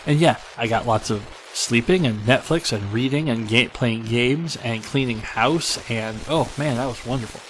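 A podcast host with a stuffed-up nose talks at a moderate pace with few pauses, his ordinary medium-pitched voice sounding slightly congested. His casual, rambling delivery is full of restarts and self-deprecating asides, and the poor audio carries a little hiss or hum.

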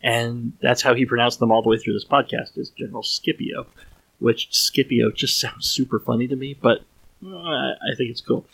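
A man's voice: mid-range voice, fairly even intonation, normal speed, creaky, a bit bright, breathy edge, rough recording. A man hosting a solo podcast, thinking aloud in a casual, rambling way with frequent restarts and trailing sentences.

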